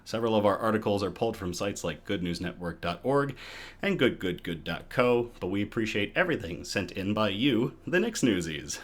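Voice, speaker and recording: Lively low-voiced man hosting a show. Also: brisk. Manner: chatty and upbeat, with chuckles and restarts. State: a little out of breath. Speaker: host of a good-news live show. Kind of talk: casual live-stream news chat.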